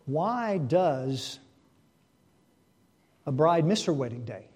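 A man preaching a sermon to his congregation, asking rhetorical questions and swinging between hushed and loud delivery. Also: a little high, big pitch swings, takes it slowly, slightly rough.

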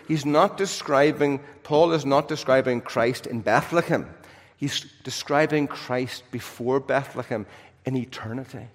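A man's voice: mid-range voice, unhurried. Preacher man in a reverberant hall. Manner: dynamic, swings from loud emphasis to soft hushed drops. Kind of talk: sermon. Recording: long reverb of a large hall.

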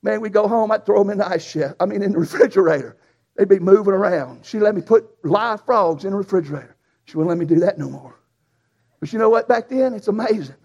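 A preacher who tells a folksy, animated story in a sermon. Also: male voice, sits high, fast talker, gravelly, breathy edge. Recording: dull lo-fi sound.

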